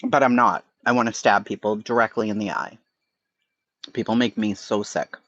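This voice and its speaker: A man's voice: fairly low pitch, little pitch movement, moderate pace, a bit bright, dry recording, lo-fi sound. A man with a Boston accent hosting a casual livestream chat, blunt and profane, answering his chat. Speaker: livestream host.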